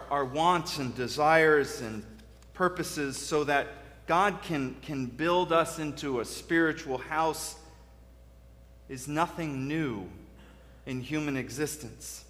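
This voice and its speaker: A male interim pastor with a slightly high, fairly bright voice preaches a sermon in a church sanctuary. He tells stories conversationally, often restarting his sentences, and the recording carries long church reverb.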